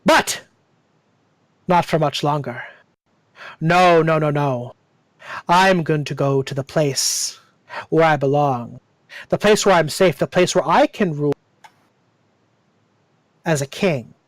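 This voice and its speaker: Game master voicing a slow, babbling would-be king, repeats himself endlessly, dry sound. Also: medium pitch, very animated, dry recording. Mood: proud, regretful. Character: rambling unhinged man who would be king.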